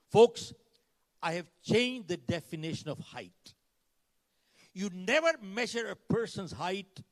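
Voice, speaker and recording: In a conference hall with reverberant sound, an older motivational speaker with a fairly high pitch delivers a keynote to a live audience. He tells dramatic stories, acts out dialogue, and asks the crowd questions.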